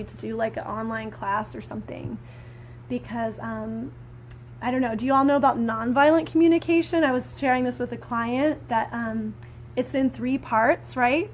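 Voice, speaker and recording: Chatty rambling woman, higher voice. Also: a little hiss or hum. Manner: rambling, filler-heavy, conversational; animated when acting out quoted anger. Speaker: spiritual teacher and prayer practitioner. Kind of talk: casual live-stream chat.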